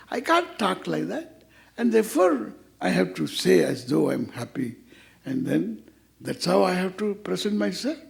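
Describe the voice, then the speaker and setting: Gravelly older man teaching with humor. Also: high voice, big pitch swings, normal speed. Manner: playful, teasing, acts out quoted dialogue. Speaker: spiritual teacher. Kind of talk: humorous scripture class.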